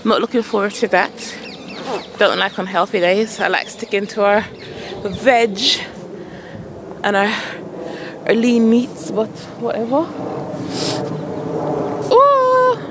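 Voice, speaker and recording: A woman's voice: medium pitch, steady tone, measured pace, pauses often, background noise. A woman coaching her son at tennis on an outdoor court, calling out shots and chatting casually to her vlog viewers. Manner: calls out shots, chatty and coaxing.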